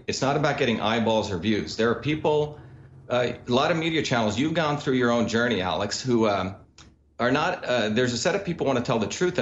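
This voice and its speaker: A man's voice: medium pitch, slight background noise. A man calling in as a guest on a talk radio show, speaking insistently and emphatically over a remote link. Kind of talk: heated talk radio interview. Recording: echoey remote line, dull sound.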